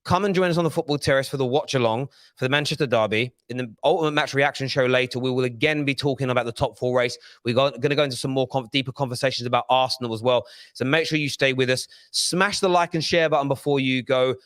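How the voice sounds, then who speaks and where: Fast-talking man hosting a stream. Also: medium pitch, dry recording. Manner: energetic, fast and animated. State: out of breath. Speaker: host. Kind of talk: live stream chat.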